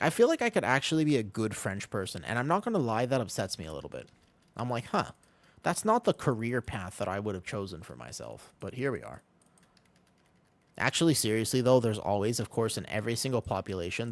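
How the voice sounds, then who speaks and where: A man's voice: on the low side, big pitch swings, fairly quick, dry recording. A man streaming a game, chatting casually with his chat, joking and answering questions.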